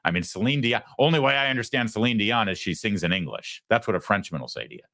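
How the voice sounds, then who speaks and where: A man's voice: lowish voice, lively intonation, quick pace, sharp tone, no room sound, clean studio sound. A man hosting a show, giving opinionated political commentary with frequent stammered restarts. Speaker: host.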